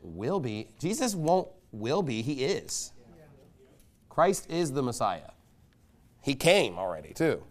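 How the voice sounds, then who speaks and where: A man preaching a sermon as pastor, emphatic and mocking, pressing his points with loud insistence. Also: medium pitch, very animated, slow pace, long pauses. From United States.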